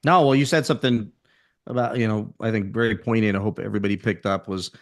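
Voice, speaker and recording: A man's voice: lowish voice, fairly even intonation, quick pace, no echo, studio quality. A man speaking as a guest on a podcast, talking in an intense, driving pep-talk way as a motivational speaker. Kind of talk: podcast interview.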